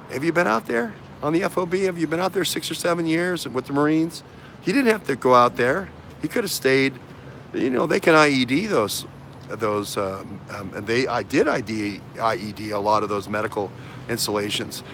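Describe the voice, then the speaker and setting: The host of a casual political talk show speaks in a mid-range, fairly bright male voice, rambling with lots of fillers, restarts and repetitions. Slight background noise is audible.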